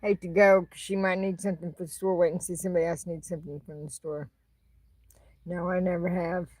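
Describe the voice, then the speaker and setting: A woman's voice: lowish voice, level tone, a little fast, darkish tone, no room sound. A woman from Arkansas, chatting bluntly and rambling on a casual livestream, answering her chat.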